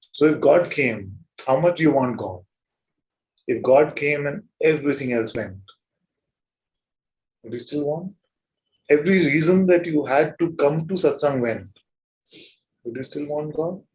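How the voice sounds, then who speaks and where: A man's voice: a little high, rough recording. Playful man giving a spiritual talk. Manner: questioning, prods listeners with rhetorical questions; gentle and playful, chuckles often. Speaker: spiritual teacher.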